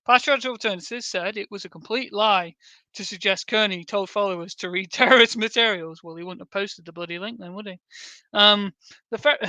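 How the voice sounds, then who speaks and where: Bright, sarcastic man reading aloud. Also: high voice, no echo. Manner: sarcastic, sweary asides while reading. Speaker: streamer. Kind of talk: reading an article aloud with commentary.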